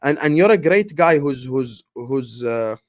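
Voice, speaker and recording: A man's voice: mid-range voice, animated, unhurried. Fired-up man hosting a fan livestream. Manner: passionate, fired-up, shouting out viewers; repeats and restarts words when worked up. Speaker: football fan channel host. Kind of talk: casual livestream rant.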